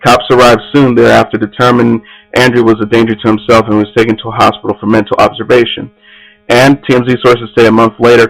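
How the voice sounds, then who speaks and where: Man reading entertainment news, flat and low. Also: gravelly, low-quality recording. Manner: reads stories aloud with frequent slips and restarts. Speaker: entertainment news podcast host.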